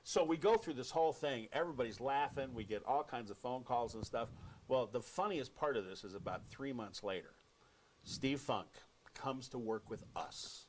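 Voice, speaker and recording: A man's voice: mid-range voice, normal speed, a little hiss or hum. American man telling a radio war story. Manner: animated storyteller, acts out quotes. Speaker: radio host. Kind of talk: casual storytelling on air.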